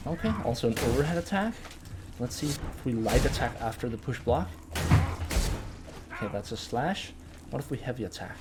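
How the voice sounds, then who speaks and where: A man giving casual gameplay commentary as a channel host, thinking aloud, getting excited and swearing now and then. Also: mid-range voice, normal speed, long pauses, very noisy.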